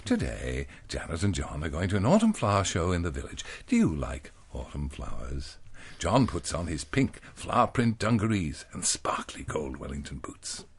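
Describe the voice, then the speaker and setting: A man reads a parody children's story aloud in a playful, mock-earnest way. His voice has a husky grain. His pitch swings very widely. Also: wildly swooping pitch, normal speed.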